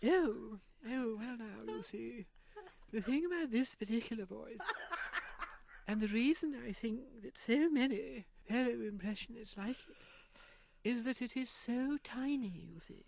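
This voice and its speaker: A man voicing a frail, genteel elderly English lady sleuth with a tiny, slight, breathy voice, speaking fussily and precisely during a radio interview. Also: very high voice, a little slow, darkish tone, muffled recording, voice pushed up, heavily acted. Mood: confiding.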